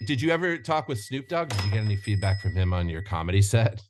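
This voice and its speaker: Low-voiced man hosting a casual chat. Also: sing-song, quick pace, very noisy. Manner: laughs along, asks short questions. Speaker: podcast host.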